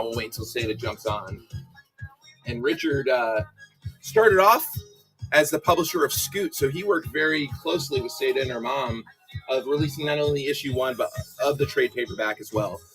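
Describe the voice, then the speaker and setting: A man's voice: mid-range voice, moderate pace, pushed and bright, faint music behind, low-quality recording. A man hosting a live comic giveaway stream, chatty and upbeat. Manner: upbeat, chatty, joking banter. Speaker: livestream host. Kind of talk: casual livestream chat.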